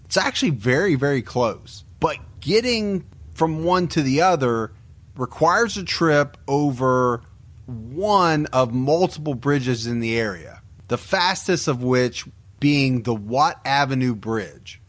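A man hosting a podcast, giving a measured, grave, scripted true-crime narration into a close studio mic. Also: mid-range voice, expressive, a bit bright, dry recording. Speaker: podcast host.

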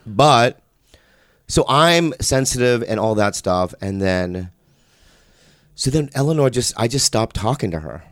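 A man, a comedian, telling an earnest, halting story in casual podcast chat. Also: medium pitch, animated, no echo. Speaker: stand-up comedian.

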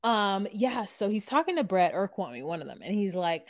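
A woman's voice: mid-range voice, big pitch swings, moderate pace, no echo, clean studio sound. A woman co-hosting a podcast, chatting casually and opinionatedly, acting out quotes as she recaps. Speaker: podcast co-host.

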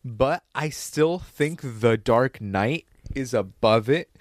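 A man's voice: mid-range voice, lively intonation, slow pace, no echo. Brief: young male host, loose rambling film talk, frequent swearing, dry recording. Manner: rambling, swears freely, acts out scenes in voices. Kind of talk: casual film-review chat.

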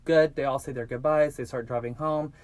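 A man's voice: medium pitch, fairly quick, dry recording. Casual storytelling man with a dry sound. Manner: animated, swearing, acts out quoted voices. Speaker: podcast host. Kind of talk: casual true-crime storytelling.

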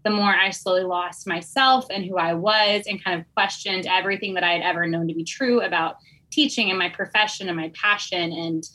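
A woman's voice: lowish voice, fairly quick, pushed and bright, rough recording. A young adult woman, a teacher, telling her story on a podcast in a candid, earnest way. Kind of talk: casual podcast conversation.

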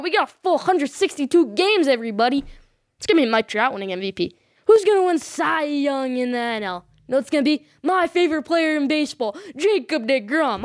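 A woman's voice: sits high, no room sound, clean studio sound. Emphatic woman giving sports picks. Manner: emphatic, insistent, repeats short affirmations. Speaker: sports vlog host. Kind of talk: casual sports predictions.

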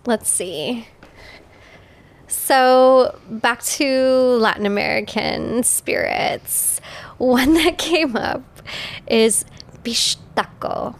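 A woman's voice: fairly high pitch, extremely slow. A woman co-hosting a casual podcast, chatty and laughing often, swearing freely in easygoing talk. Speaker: podcast co-host. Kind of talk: casual chat.

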